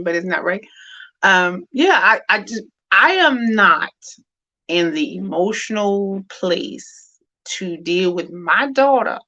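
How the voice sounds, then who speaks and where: With a sharp-toned, mid-range voice captured on dull audio, a middle-aged woman leads a conversation about grief among women. Her talk is warm and informal, wandering candidly and full of fillers and false starts.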